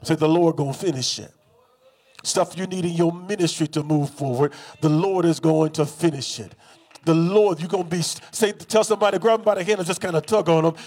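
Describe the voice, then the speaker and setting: A man with a high-pitched voice preaching a sermon. He has the congregation repeat his phrases in call-and-response. His delivery is rhythmic and repetitive, and it builds into emphatic bursts. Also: a little fast, darkish tone.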